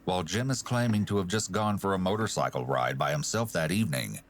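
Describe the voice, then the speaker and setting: Deep-voiced man narrating true crime. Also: brisk. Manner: analytical, pointed commentary.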